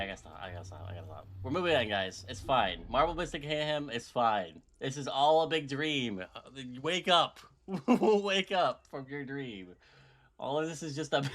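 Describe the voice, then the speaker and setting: A man's voice: medium pitch, vocal fry, fairly bright tone. A man streaming a game and ranting in frustration, laughing often as he talks to his chat. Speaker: gaming streamer. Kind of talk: live-stream commentary.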